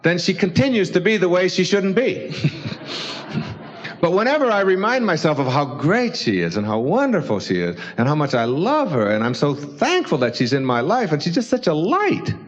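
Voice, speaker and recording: A man's voice: a little high, very animated, moderate pace. A man, an author, giving a casual motivational talk, chuckling often and acting out little dialogues. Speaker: author and speaker. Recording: dull lo-fi recording.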